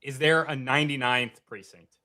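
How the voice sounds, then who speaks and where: A man's voice: medium pitch, fairly even intonation, moderate pace, bright, forceful tone. A man from Connecticut co-hosting a casual podcast, asking question after question. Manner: curious, keeps asking questions. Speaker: podcast co-host.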